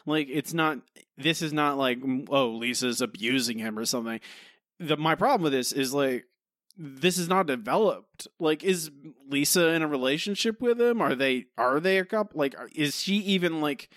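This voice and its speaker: Speaking at normal speed in a fairly high, slightly bright voice, this podcast co-host critiques an episode. His casual talk rambles, with plenty of fillers and restarts, and the clean studio audio has no room sound.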